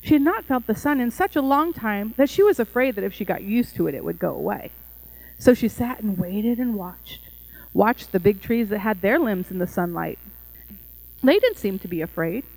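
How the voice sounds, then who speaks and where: A woman narrating a first-person allegorical story in a gentle, tender, measured way. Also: medium pitch, expressive, vocal fry, low-quality recording.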